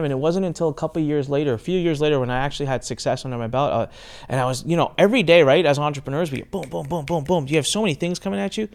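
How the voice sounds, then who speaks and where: Animated man hosting a podcast. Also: fairly high pitch, rapid-fire, clean tone. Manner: animated storyteller, acts out quoted voices. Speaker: podcast host. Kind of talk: casual interview intro.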